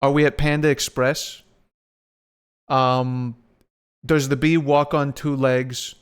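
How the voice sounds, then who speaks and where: A man's voice: mid-range voice, little pitch movement, takes it slowly, clear, resonant tone. A young man chatting casually on a live stream, rambling, swearing and laughing often.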